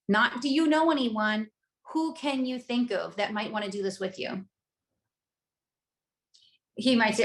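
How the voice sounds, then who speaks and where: A woman's voice: a little high, measured pace, pauses often, reverberant, low-quality recording. A woman guest speaker giving sales coaching, enthusiastic and conversational as she walks through her script.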